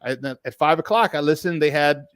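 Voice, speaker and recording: A man hosting a casual sports talk show, animated and laughing often. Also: a little high, a little fast, smooth, dry recording.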